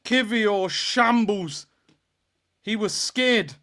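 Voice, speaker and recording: A young man hosts a live football watchalong. His high, bright voice keeps breaking into exasperated rants and loud outbursts at his team's defending. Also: extremely slow. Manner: ranting, exasperated, frequent shouting. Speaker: fan watchalong host.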